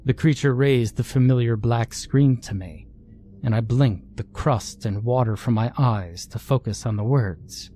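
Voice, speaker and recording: Male horror narrator; deliberate, slow delivery, dark mellow tone. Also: mid-range voice, a little hiss or hum. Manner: measured, deliberate storytelling. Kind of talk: scripted horror story narration.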